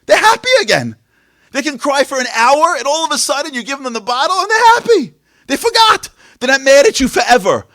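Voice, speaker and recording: Animated high-pitched man giving a talk. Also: a little fast, dry recording, clean studio sound. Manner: animated, rhetorical questions, swings from loud to hushed. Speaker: speaker at a Tisha B'Av event. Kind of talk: impassioned inspirational talk. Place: event venue.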